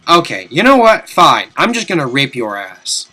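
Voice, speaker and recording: A young man giving casual, rambling commentary over a video game from his desk at home, swearing now and then and breaking into loud outbursts. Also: fairly high pitch, sing-song, normal speed, few pauses. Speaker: let's play commentator.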